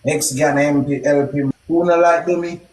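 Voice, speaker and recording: A young man with a Jamaican accent telling a story casually, in a heavy patois with shouted exclamations. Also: fairly high pitch, steady tone, normal speed, roomy sound, a little hiss or hum. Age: young adult.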